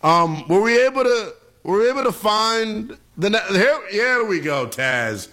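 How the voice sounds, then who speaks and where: A man's voice: high-pitched, measured pace. A man hosting a sports talk radio show, joking around and hyping up his segments. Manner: joking, animated, hypes segments.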